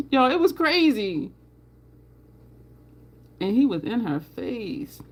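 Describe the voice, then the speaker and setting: Chatty woman with a lively, higher voice. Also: slight background noise. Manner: chatty, reads and answers viewer comments. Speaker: livestream host. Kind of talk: casual livestream chat while doing makeup.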